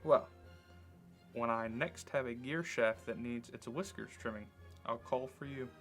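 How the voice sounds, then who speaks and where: Guy reading lines for a grumpy blunt lady engineer, middle-pitched, reading it off the screen. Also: a little slow, faint music behind. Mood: grumbling. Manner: read aloud from game text, slightly louder. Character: gruff, grumbling woman engineer, blunt.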